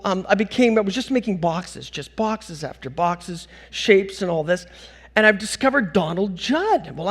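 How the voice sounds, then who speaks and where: A middle-aged man from Canada telling funny stories from his life in a talk on stage, acting out the people he quotes. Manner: animated, acts out quotes with big jumps in pitch. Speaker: conference speaker.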